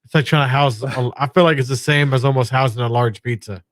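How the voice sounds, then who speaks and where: A middle-aged man co-hosting a casual sports podcast, relaxed and quick to laugh at himself. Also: medium pitch, no echo. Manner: relaxed, laughs easily, self-deprecating. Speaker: podcast co-host.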